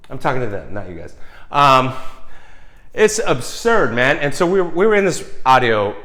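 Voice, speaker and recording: A man's voice: medium pitch, sing-song, normal speed, pushed and bright. A man, a screenwriter, rants in a vlog monologue, swearing often, heated and rambling with many restarts.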